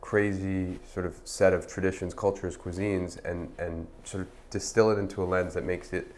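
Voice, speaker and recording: A man in his thirties, a restaurant founder, telling stories in a relaxed, chatty way full of fillers. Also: sits low, moderate pace. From United States. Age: 30s. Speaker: restaurant founder, podcast guest. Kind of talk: casual conversational storytelling.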